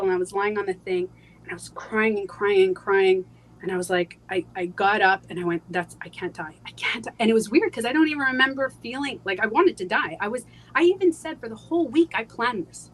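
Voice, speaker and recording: Woman sharing a hard life story haltingly. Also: mid-range voice, low-quality recording. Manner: halting, with frequent fillers and restarts. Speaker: interview guest. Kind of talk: personal storytelling in a live interview.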